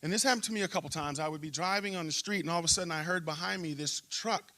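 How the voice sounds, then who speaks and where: A middle-aged man, a pastor, telling a story in a church interview and acting out shouting crowds. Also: fairly high pitch, very fast. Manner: animated storyteller, acts out crowd chants.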